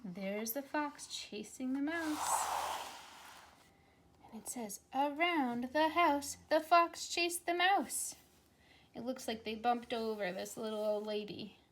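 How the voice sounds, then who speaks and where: A woman teacher reading a picture book aloud to young children, gently coaxing them to repeat animal sounds. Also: on the high side, slight background noise.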